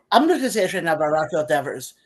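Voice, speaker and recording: A woman co-hosting a sports podcast, emphatic and sarcastic in casual talk. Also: sits low. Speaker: podcast co-host.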